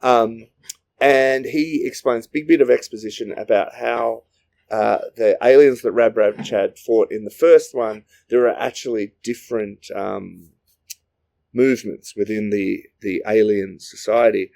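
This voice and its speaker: A man's voice: fairly low pitch, measured pace, vocal fry, a little mellow. A man co-hosting a podcast, improvising a comic story in a rambling, jokey way. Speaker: podcast co-host.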